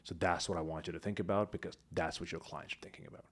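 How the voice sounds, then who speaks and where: A man teaching public speaking, talking to camera with lively swings between high energy and quiet, hushed moments. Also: quick pace, breathy edge. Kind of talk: instructional talk to camera.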